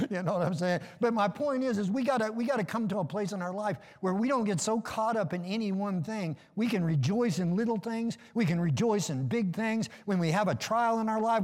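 Middle-aged guy preaching, folksy and jokey, kinda high voice, echoey church hall. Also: darkish tone. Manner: folksy, joking preaching with call-and-response amens. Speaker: pastor. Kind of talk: sermon.

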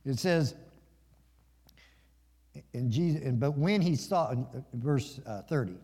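A man's voice: mid-range voice, expressive, unhurried, dark tone, husky. A man preaching a sermon to his congregation in a folksy, conversational way, asking them questions and joking. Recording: long reverb of a large hall.

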